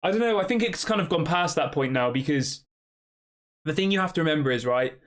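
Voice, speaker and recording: A man's voice: on the high side, lively intonation, brisk. A young man chats through a live football stream, reading out viewers' messages and answering them. His talk is loose and conversational, full of "um" and "yeah" as he thinks aloud. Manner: conversational, reads chat questions aloud, frequent fillers. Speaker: live stream host reading fan chat. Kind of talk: casual match reaction live stream.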